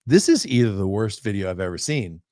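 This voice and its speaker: A man hosting a podcast, telling stories in an animated way and repeating words for emphasis. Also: fairly low pitch, brisk, no echo, clean studio sound. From Pennsylvania, US. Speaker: podcast host. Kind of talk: casual conversational commentary.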